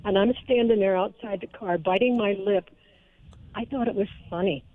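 A woman's voice: medium pitch, normal speed, no room sound. An older woman calling in to a radio show, telling a story in an easygoing, amused way. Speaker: caller. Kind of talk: phone-in storytelling. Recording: tinny phone line.

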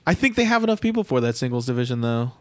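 Male podcast co-host, mid-pitched, rambling and hedging opinions, dry sound. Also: sing-song, very fast, dry recording. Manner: rambling, hedging, restarts a lot when he gives opinions. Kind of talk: casual opinion chat.

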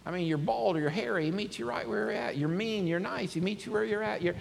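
Animated preacher, slightly high voice. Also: male voice, quick pace, creaky, a little hiss or hum. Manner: conversational, animated preaching with scripture reading. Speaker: pastor. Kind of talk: sermon. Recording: long reverb, faint ambience.

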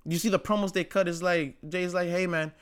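A man's voice: high voice, steady tone, a little fast. Rambling, slangy man ranting casually. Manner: rambling and opinionated, heavy on "like" and slang, swears. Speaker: wrestling commentary host. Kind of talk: casual chat.

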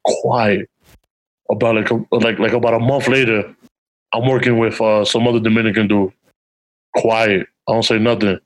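A man's voice: normal speed, poor audio. A man co-hosting a podcast in casual chat, using streetwise slang and acting out the people in his stories. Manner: animated, acts out quotes with big pitch jumps; streetwise slang, frequent "you know what I'm saying". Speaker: podcast co-host.

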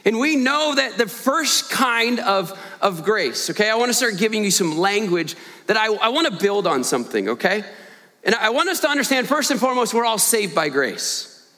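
A man as guest preacher giving an earnest, animated storytelling sermon in a church, with joking asides to the congregation. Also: high-pitched, normal speed, big-room sound. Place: church sanctuary.

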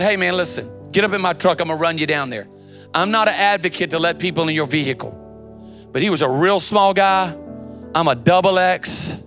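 A middle-aged pastor preaches with a gravelly, slightly high voice. He talks in a folksy, emphatic storytelling way. Soft music plays quietly underneath. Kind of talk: sermon.

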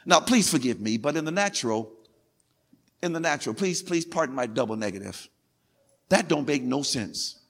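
A man's voice: mid-range voice, animated, normal speed, gravelly, slightly rough. A man preaching a sermon as pastor, calling on the congregation to repeat words after him and repeating phrases for emphasis. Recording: long hall reverb from a big room.

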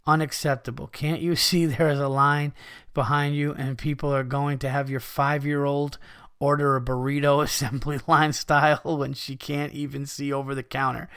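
A man hosting a casual podcast tells stories and reacts to listener emails, swearing freely and laughing a lot. His mid-pitched voice is smooth and crisp, recorded dry and close on a studio mic. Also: moderate pace, dry recording. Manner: profane, laughing, animated storyteller. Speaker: podcast host.

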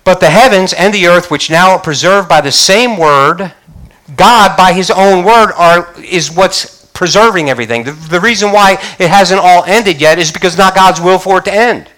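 A man's voice: high-pitched, moderate pace, bright, forceful tone, poor audio. A male pastor preaching a church sermon, reading scripture aloud and questioning his congregation.

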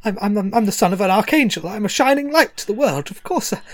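A man's voice: on the high side, expressive, moderate pace, dry recording. A man voicing a nervous, pompous male son of an archangel who stammers and boasts. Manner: stammering, boastful then timid.

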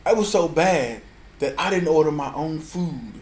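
Animated, profane male storyteller. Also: fairly high pitch, moderate pace. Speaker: podcast co-host. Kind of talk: casual storytelling chat.

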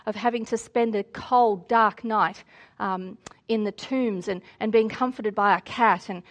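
A woman preacher giving a sermon, telling and reading a story in an earnest, reflective way. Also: medium pitch.

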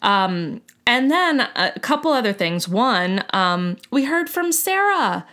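This woman co-hosts a podcast in casual conversation, speaking slowly in a fairly high, bright, forceful voice that's very animated. She chats loosely, laughing often and using lots of ums.

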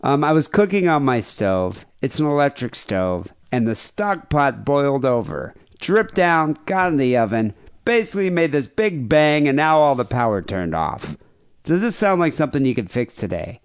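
A calm, businesslike killer voiced by a man explains a household mishap without a trace of alarm. The tone stays flat and everyday, with no put-on accent. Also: mid-range voice, moderate pace, smooth, no room sound, studio quality, close to an everyday voice. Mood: deadpan. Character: calm male killer phoning an electrician.

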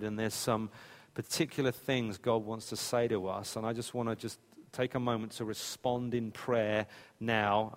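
A man preaching a sermon as pastor, animated and acting out quotes in his storytelling. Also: fairly low pitch. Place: church hall. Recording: church hall reverb.

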